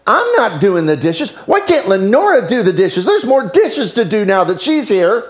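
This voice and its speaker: A man's voice: high voice, sing-song, moderate pace, roomy sound. A man doing a defiant teenage girl. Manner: blunt, defiant.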